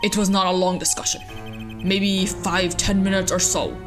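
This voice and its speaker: Girl doing a calm mysterious magician guy, formal and measured, kinda lowered voice. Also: music in the background, lightly acted. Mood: aloof. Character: calm aloof older male stage magician.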